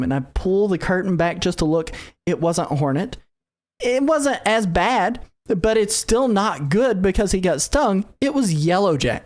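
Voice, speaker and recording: A man in his thirties, co-hosting a podcast in casual chat, telling a long story with lots of fillers and acted-out quotes. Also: high voice. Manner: rambling storyteller, acts out quotes. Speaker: podcast co-host.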